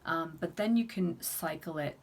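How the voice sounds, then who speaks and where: Woman wellness coach, low husky voice with fry, calm how-to delivery. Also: normal speed. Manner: calm, steady explaining with fillers. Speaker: self-help coach. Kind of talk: instructional talk to camera.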